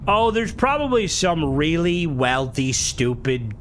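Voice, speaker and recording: Male streamer, casual rambling game chat, swears freely, lively up-and-down delivery, faint noise behind. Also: on the high side, slow. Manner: rambling, sweary, self-interrupting.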